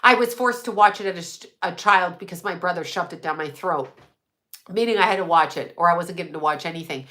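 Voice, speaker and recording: Bright-voiced woman ranting on a livestream. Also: fairly low pitch, fairly quick. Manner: rambling, conspiratorial, swears, answers chat. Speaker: livestream host. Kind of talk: casual livestream chat. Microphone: desk microphone.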